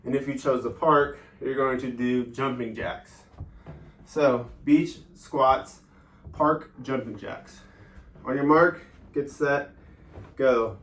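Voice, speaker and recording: A man teaching a guided workout lesson, explaining each step with many ums and pauses. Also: mid-range voice, fairly bright tone, far from the mic. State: out of breath during exercise. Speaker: fitness instructor. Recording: echoey room, voice off-mic.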